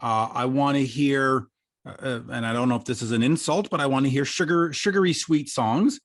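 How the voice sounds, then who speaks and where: A male host chats over a video call in an ordinary mid-range voice. He is enthusiastic, halting, and often restarts his sentences. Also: mid-range voice. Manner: enthusiastic, halting, repeats words. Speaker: interview host. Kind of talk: casual interview chat.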